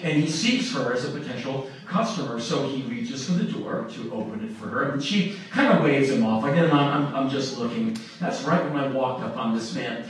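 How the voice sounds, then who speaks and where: A man's voice: mid-range voice, normal speed, few pauses. Middle-aged man telling a story on stage. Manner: animated, laughs through his telling. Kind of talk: live storytelling to an audience. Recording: echoey room from far off with noise.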